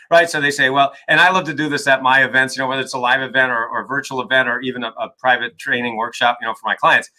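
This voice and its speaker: A man's voice: medium pitch, fairly even intonation, fast talker, hardly any pauses, bright, forceful tone, poor audio. A man being interviewed as an author and coach, talking emphatically and often checking in with "right?". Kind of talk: energetic interview talk.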